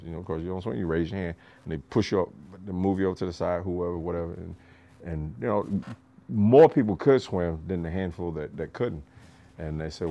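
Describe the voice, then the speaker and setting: Low-voiced man telling profane stories. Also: fairly quick. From rural United States. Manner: profane, animated, laughs often. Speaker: podcast storyteller, martial arts master. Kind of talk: casual storytelling.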